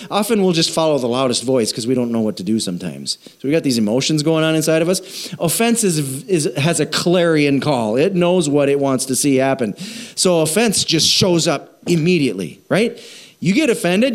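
Pastor guy preaching, kinda high voice, swoops up and down a lot, jokey, acts out little voices. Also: normal speed. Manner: animated, jokey, acts out quoted voices, asks the audience. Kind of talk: sermon.

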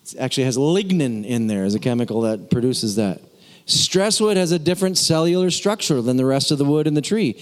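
A man's voice: medium pitch, animated, brisk. Conversational male preacher in an echoing hall. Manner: conversational, teasing the congregation, repeats words for emphasis. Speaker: pastor. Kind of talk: sermon. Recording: long hall reverb.

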